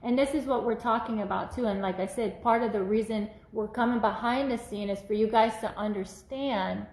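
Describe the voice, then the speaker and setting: Animated woman telling a testimony. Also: on the high side, brisk, echoey room, low-quality recording. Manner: animated storytelling, acts out quoted voices. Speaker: minister sharing a testimony. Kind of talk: casual testimony.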